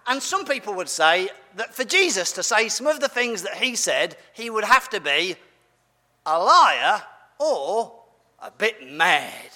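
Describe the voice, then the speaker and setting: A man's voice: sits high, very animated, normal speed, hardly any pauses, bright, forceful tone, in a large hall. A man giving a playful, family-friendly sermon as a preacher, asking his audience questions as he goes.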